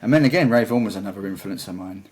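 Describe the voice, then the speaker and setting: A man's voice: fairly low pitch, animated, racing, darkish tone, breathy edge. A man chatting as a guitarist guest in an interview, talking in a rambling, enthusiastic way. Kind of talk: casual interview chat.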